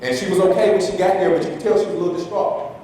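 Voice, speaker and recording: Guy telling a story at a talk, pretty high voice, loud hall echo, mic kinda far off. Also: rapid-fire. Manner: animated storyteller, shifts loudness, acts out dialogue. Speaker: speaker at an education talk. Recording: echoey hall, distant mic, faint rumble.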